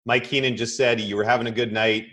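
A man's voice: mid-range voice, flat delivery, fast, a bit bright. Male sports interviewer asking questions. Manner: conversational, brief affirmations.

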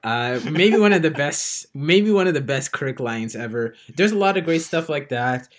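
A man's voice: on the high side, expressive, normal speed. A man chatting casually as a podcast co-host, rambling with many fillers and restarts as he retells scenes. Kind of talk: casual film review chat.

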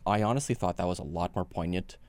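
A man's voice: sits low, fast talker, a little mellow, dry recording. A man in casual conversation, carefully building an argument about a movie's ending. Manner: analytical, builds his point at length. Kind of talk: casual movie review chat.

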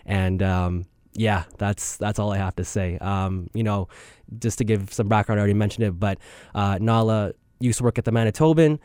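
Young male podcast host, lowish smooth voice, rambling and self-deprecating, close dry mic. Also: normal speed, a little mellow, no room sound. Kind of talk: casual spoken intro.

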